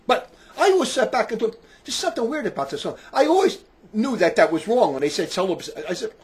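A man in his sixties preaching with passion, dropping to low quiet remarks and rising to shouts. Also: big pitch swings, quick pace. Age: 60s. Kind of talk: fiery preaching talk.

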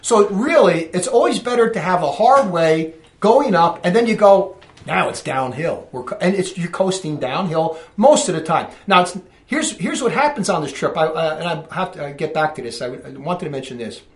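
A man's voice: on the high side, moderate pace, roomy sound. A man with a New Jersey accent telling a hiking story in a casual way. He breaks off mid-sentence and acts out the dialogue. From Newark, New Jersey. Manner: animated, self-interrupting, acts out dialogue. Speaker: storyteller recounting a hike.

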